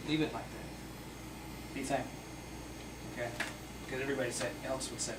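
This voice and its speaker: A man's voice: medium pitch, steady tone, a little fast. Rambling male radio host, distant and roomy. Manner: rambling, musing, many fillers. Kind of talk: casual radio interview. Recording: roomy, distant, noisy live radio recording.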